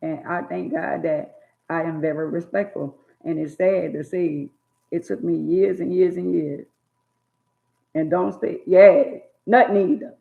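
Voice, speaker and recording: Raspy-voiced woman on a tinny line. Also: fairly low pitch, unhurried. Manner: animated, acts out scolding parents in loud bursts. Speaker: storyteller recalling childhood. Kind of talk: casual chat. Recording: tinny phone-like sound.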